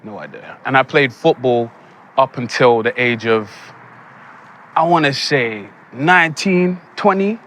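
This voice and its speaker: Young man, bright forceful voice, animated storyteller, faint background hiss. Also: mid-range voice, unhurried. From England. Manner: animated, laughs often, acts out quoted lines. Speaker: actor guest. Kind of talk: casual interview storytelling.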